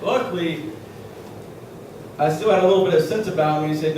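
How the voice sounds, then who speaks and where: A man preaching a sermon, shouting his points with many "uh" fillers and then dropping to quiet asides. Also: a little high, fairly quick. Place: church hall. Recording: echoey hall picked up from far off, faint hiss.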